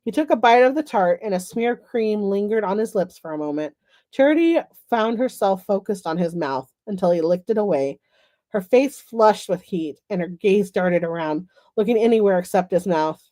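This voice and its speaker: A woman author reads her novel aloud at a middle pitch. She narrates in an even storybook tone and breaks off now and then for self-deprecating asides. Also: moderate pace, no echo.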